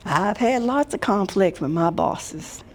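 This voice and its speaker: A woman's voice: mid-range voice, expressive, unhurried, a little hiss or hum. An older woman from Washington, D.C., an HR consultant giving a workshop talk on workplace conflict in a folksy, direct way, speaking straight to the room.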